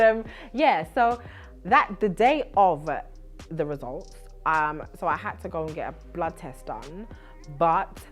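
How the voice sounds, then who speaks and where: A young woman from Britain, a TV host, telling her story to camera in a lively, chatty way with lots of laughs. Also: on the low side. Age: young adult. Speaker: vlogger and TV host.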